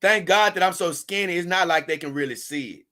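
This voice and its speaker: A man's voice: high-pitched, brisk, sharp tone. A man hosting a casual livestream, reading viewer comments and rambling on in loose, with chuckling asides. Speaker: livestream host.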